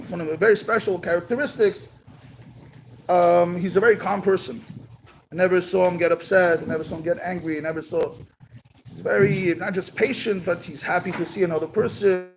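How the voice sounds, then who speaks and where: A man's voice: high-pitched, gravelly, slight background noise, rough recording. A man giving a talk, telling a story at a community gathering and mixing in Yiddish and Hebrew words.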